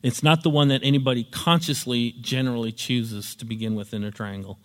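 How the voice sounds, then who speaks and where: A man's voice: mid-range voice, fairly even intonation, brisk. A man giving a lecture in a storytelling, explanatory manner. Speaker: teacher. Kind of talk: spoken lecture with acted examples. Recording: long hall reverb.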